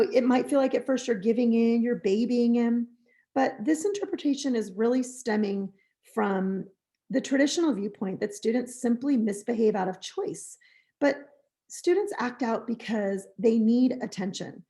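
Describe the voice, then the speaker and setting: An American woman presenting a teaching webinar, gently and earnestly contrasting harsh phrases with supportive ones. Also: on the high side. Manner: gentle, earnest, reads example phrases aloud. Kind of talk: recorded webinar lecture.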